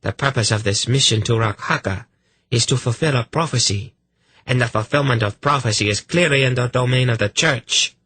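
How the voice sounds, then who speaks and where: A man voicing a scheming, smirking high priestess who speaks slowly in a near purr. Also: sharp tone, slight background noise, natural voice. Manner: slow, purring. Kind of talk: audiobook character voice.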